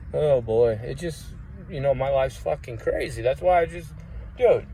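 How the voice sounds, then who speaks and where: A man's voice: mid-range voice, animated, unhurried, creaky, warm tone, slight background noise. A man vlogging, telling rambling personal stories in a casual way, swearing often and using many fillers. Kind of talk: casual storytelling.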